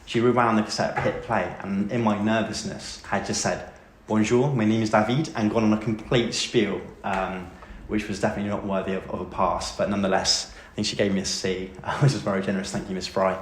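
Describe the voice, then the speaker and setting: A man's voice: lowish voice, flat delivery, a little fast. A man with an English accent, a former pupil, telling a funny school story in a chatty, self-deprecating way. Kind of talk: anecdotal interview recollection. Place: school room. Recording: echoey room with faint hiss.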